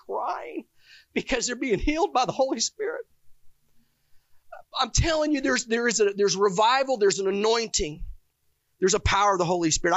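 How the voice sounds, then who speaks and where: A man's voice: high voice, fairly bright tone, no room sound. A man preaching a sermon, telling his own stories with fervent emotion. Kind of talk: testimonial sermon. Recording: dull, dry lo-fi recording.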